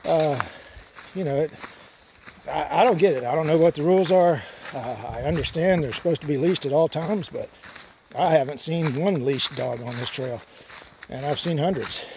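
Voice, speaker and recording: A gravelly, slightly mellow man's voice on the high side, at a moderate pace, narrates a hiking vlog on a mountain trail. The long-distance hiker rambles easily with lots of "uh" fillers, and outdoor sounds come through behind him.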